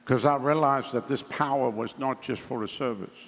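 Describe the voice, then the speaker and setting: A man's voice: mid-range voice, normal speed, big-room sound. A man preaching a sermon as pastor, talking to the congregation in a casual, wry way with mocking asides.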